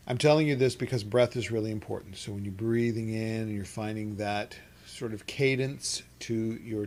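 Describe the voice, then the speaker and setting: A man leading a meditation and chanting class from his home studio, talking in a relaxed, rambling way with soft laughs and restarts. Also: fairly low pitch, slight background noise. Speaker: meditation teacher. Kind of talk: guided chanting instruction. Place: home studio with an open window.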